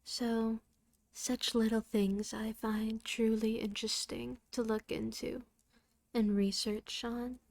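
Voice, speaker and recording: Unhurried female storyteller reading folk tales aloud, drifting into a light Irish lilt on dialect lines. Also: on the high side, little pitch movement, gravelly, a little mellow, dry recording. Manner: careful and unhurried, with chatty asides between passages. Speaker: reader.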